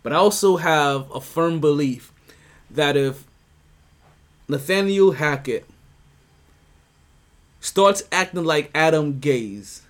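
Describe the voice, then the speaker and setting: A man's voice: fairly high pitch, takes it slowly, long pauses. A man hosting a sports podcast, talking casually and rambling with restarts, bursts of emphasis and laughs. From United States. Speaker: podcast host.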